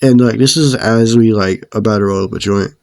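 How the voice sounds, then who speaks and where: A man's voice: on the low side, fairly quick, darkish tone, dry recording, studio quality. A young man telling a story in a casual, slangy, profane way. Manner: laid-back, slangy and profane. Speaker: storyteller vlogger.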